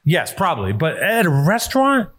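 A man hosts a podcast in loose, casual chat, his voice sitting a bit higher than most men's. He rambles, restarts and swears freely while telling an animated story. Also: moderate pace. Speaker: podcast host.

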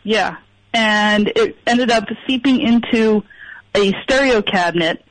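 A woman's voice: mid-range voice, slow, rough recording. A woman calling in to a radio show, hesitant and apologetic, with lots of ums. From Pennsylvania, US. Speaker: caller. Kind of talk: phone-in chat.

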